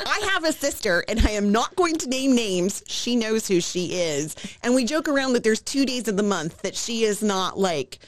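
A woman's voice: on the high side, very animated, moderate pace, hardly any pauses, no echo. A woman co-hosting a podcast in casual chat, telling emotional family stories in a chatty way. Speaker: podcast co-host. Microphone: podcast microphone.

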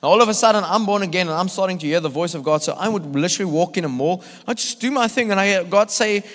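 South african guy preaching, kinda high voice, big echoey church, acts out all the bits. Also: fast. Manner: animated, acts out voices, laughs often. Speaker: visiting evangelist. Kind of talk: storytelling sermon. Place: church hall. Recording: long church hall reverb.

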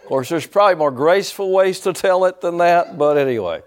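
An older man preaching with a lively voice that swings high and low. He calls out to his congregation, pitched a bit higher than most men. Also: fairly quick. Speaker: pastor. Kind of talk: sermon.

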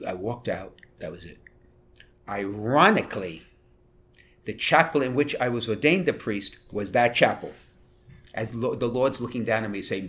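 A man who is a Catholic priest, telling a personal story in an interview in an animated way and acting out what people said. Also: on the low side, normal speed. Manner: animated storyteller who acts out quotes and laughs.

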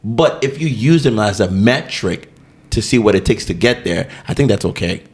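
A man's voice: fairly low pitch, normal speed. A man guesting on a podcast in casual chat, telling stories and acting out quotes. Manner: animated storyteller, acts out quotes.

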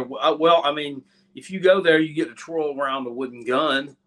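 A man's voice: a little high, fairly even intonation, brisk, fairly bright tone. A man co-hosting a casual sports talk show, with dry, sarcastic and profane remarks.

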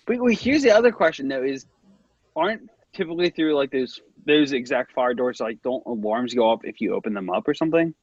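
A man in his twenties co-hosting a podcast over a remote call, teasing his friends in a lively, joking way. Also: medium pitch, fairly quick, breathy edge, no echo, lo-fi sound. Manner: teasing, animated. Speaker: podcast co-host. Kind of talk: casual chat. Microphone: computer mic, remote call.

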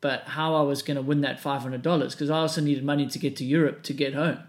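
A man's voice: medium pitch, level tone, quick pace. A man with a South African accent, hosting a podcast and telling stories in casual chat with a lot of laughter. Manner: laughing, anecdotal storytelling. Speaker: podcast host.

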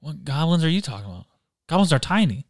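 A man's voice: a little high, big pitch swings, quick pace, no echo. Skeptical teasing man, dry sound. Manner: skeptical, teasing, blunt questions. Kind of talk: casual podcast chat.

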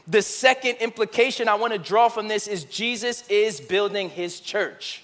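A male pastor preaching a sermon, moving between loud emphatic bursts and hushed, slow, intimate passages. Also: high-pitched, lively intonation. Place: church sanctuary.

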